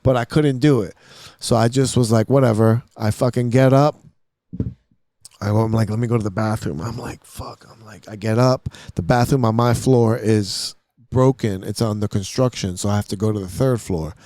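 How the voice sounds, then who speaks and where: A man hosting a podcast, telling a long story in casual talk, swearing often and acting out his own lines in a hushed voice. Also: medium pitch, no echo. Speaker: podcast host. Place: podcast studio.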